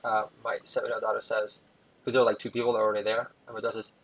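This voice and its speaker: Rambling New comedian, laughing along. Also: male voice, fairly low pitch, level tone, rapid-fire, a bit bright, slightly rough, poor audio. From New York. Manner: rambling, digressive, laughs at own jokes. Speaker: comedy podcast host. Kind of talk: stand-up style monologue.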